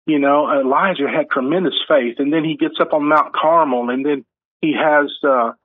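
This man is an author being interviewed, and he talks earnestly, spinning stories and voicing the quotes himself. His fairly high, slightly rough voice moves at a moderate pace. The recording has no echo but sounds tinny, as if over a phone line.

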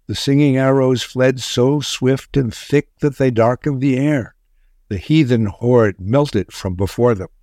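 A man reading a story aloud in a measured, solemn way. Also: mid-range voice, dark tone, no echo, studio quality. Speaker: narrator. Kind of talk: scripted story narration.

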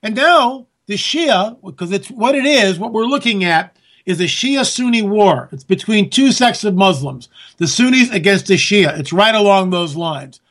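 Man, talk show host, high-pitched voice, sarcastic, indignant, repeats lines for emphasis, political commentary monologue. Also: animated, normal speed, a bit bright.

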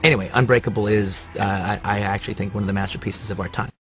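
A man's voice: on the low side, fairly even intonation, fast. A man giving rambling, enthusiastic commentary on his favorite films, with many fillers. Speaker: film reviewer. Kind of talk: casual movie-list commentary.

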